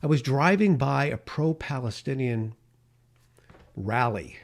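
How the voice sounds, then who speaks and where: Middle-aged male talk host, passionate podcast monologue, mid-range pitch. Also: animated, takes it slowly, vocal fry. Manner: impassioned, emphatic. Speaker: radio talk show host.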